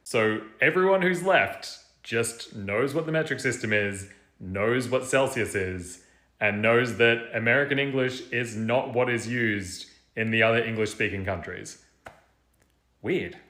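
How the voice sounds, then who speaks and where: A man's voice: medium pitch, measured pace, bright, forceful tone, roomy sound. A man with an Australian accent giving wry, matter-of-fact commentary. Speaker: content creator. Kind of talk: casual vlog commentary.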